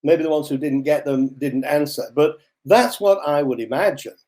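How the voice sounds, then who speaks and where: An older man presenting a webinar for learners, telling stories with lively, animated asides over a computer microphone. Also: a little high, normal speed.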